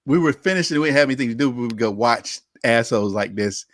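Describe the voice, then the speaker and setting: A man's voice: medium pitch, lively intonation, fast, fairly bright tone, dry recording, studio quality. A man co-hosting a podcast, chatting casually in a laid-back way. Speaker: podcast co-host.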